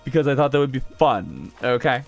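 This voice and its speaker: A gravelly, medium-pitched male voice swings widely in pitch and moves fairly quickly, over soft background music. He's gaming on a livestream, chatting casually, reacting to events and to chat, and laughing a lot between comments.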